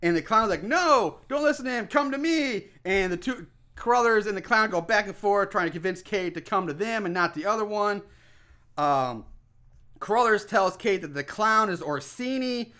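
A man with a high, bright voice recaps a movie plot in loose, casual podcast chat. He rambles, swears freely and often restarts his sentences. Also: animated, moderate pace, clear, resonant tone. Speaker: podcast co-host.

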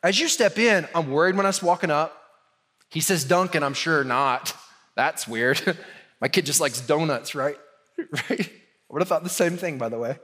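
A man in his thirties preaching a sermon in a church, talking casually and animated, often asking the congregation questions. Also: fairly high pitch, moderate pace, pauses often. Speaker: pastor.

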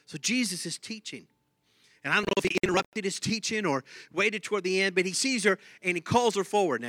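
A man preaching a sermon, animated, repeating himself and laughing now and then. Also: a little high, no room sound, clean studio sound. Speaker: pastor.

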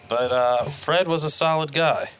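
A man's voice: a little high, a bit bright, clean tone. A man co-hosting a podcast, chatting casually in a rambling, joking way with many fillers. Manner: rambling, jokey, lots of fillers. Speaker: podcast co-host. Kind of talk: casual chat.

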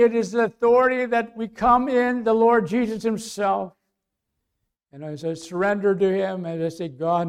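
A man preaching a sermon in a conversational way, asking the congregation questions and swinging from quiet asides to loud emphasis. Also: sits high, smooth.

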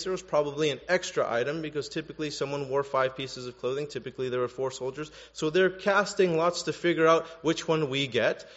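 A man preaching a sermon as a pastor, growing animated and louder to stress his points. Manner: animated, rises in pitch and volume for emphasis. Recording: dull lo-fi sound with long hall reverb.

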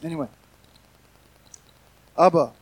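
A man's voice: fairly high pitch, slow, dry recording, poor audio. A middle-aged man preaching a sermon in a conversational, earnest way, often restarting his sentences and adding asides.

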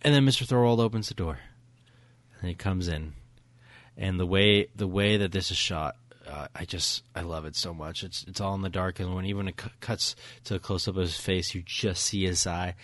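Deep-voiced man retelling a film excitedly. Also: normal speed, no echo. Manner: animated, enthusiastic retelling with many fillers. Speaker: podcast co-host. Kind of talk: casual film review chat.

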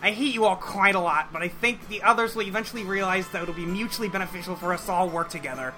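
Guy doing a bratty nasal troll alien kid, high bright voice, snarky and rude, always arguing. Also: fast, faint music behind. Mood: taunting. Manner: mocking, insulting, argumentative. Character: crude contrary young male alien troll.

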